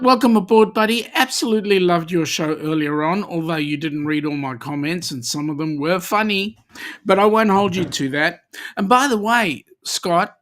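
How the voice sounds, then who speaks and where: A man's voice: high voice, normal speed, a bit bright. A middle-aged Australian man hosting a casual live-stream chat, joking and reading viewers' comments aloud. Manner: chatty, jokey, reads comments aloud.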